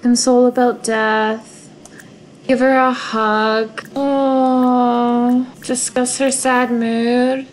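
Slow-talking young woman narrating her game. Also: a little high, little pitch movement, a little hiss or hum, rough recording. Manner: gushing and emotional, sighing over sad moments. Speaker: gaming video creator. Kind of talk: casual let's-play commentary.

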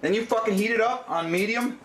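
A man's voice: sits high, a little fast, a bit bright. A young man hosting a crude comedic cooking demo, swearing constantly as he gives brash instructions. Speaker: cooking show host. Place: kitchen and backyard grill. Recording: echoey home video with background noise.

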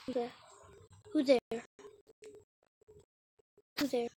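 Slow-talking high-voiced woman gamer. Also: steady tone, darkish tone, a little hiss or hum, low-quality recording. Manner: playful, teasing and jokey. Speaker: YouTube gamer. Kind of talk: casual gameplay commentary.

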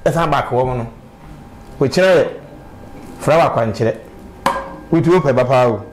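A man's voice: mid-range voice, lively intonation, normal speed, background noise. A man talking animatedly in a casual street interview, with emphatic bursts and sudden exclamations.

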